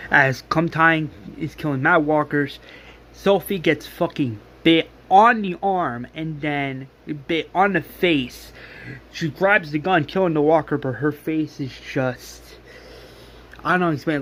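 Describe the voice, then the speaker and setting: A man with a slightly high voice talks through a story scene by scene in a loose, rambling way. He stumbles over restarts and leans on fillers as he goes, with a faint hiss behind him. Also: fairly bright tone. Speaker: fan retelling a story. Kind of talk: casual scene-by-scene recap.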